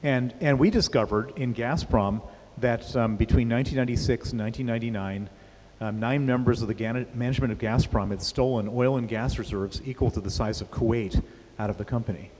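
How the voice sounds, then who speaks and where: Onstage at a festival in a large hall with an audience, a middle-aged author tells his story plainly in an interview, often repeating and restarting words. His voice is mid-range, a little fast, and darkish, with hall reverb and faint hiss.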